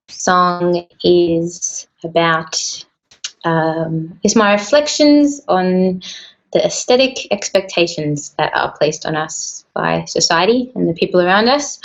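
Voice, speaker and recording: A woman's voice: on the low side, vocal fry, lo-fi sound. A woman musician, speaking thoughtfully in a casual interview. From Australia. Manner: soft-spoken, thoughtful, with frequent fillers. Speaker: musician guest.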